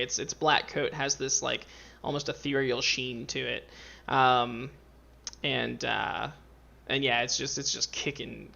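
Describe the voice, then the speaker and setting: A man's voice: mid-range voice, gravelly, bright, forceful tone, muffled recording. A man narrating as game master in a rambling way, full of fillers and restarts.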